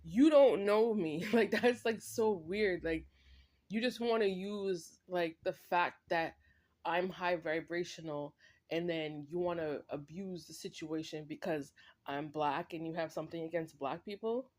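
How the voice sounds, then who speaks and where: A woman's voice: on the low side, unhurried, darkish tone. A woman delivering a direct-to-camera spiritual monologue, emphatic and repetitive, with many "like" and "right?" tags and short laughs. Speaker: vlogger.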